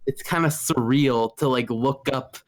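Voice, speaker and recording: A man's voice: medium pitch, unhurried. A young man co-hosting a podcast, chatting casually and rambling hesitantly with many fillers. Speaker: podcast co-host. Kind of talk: casual chat.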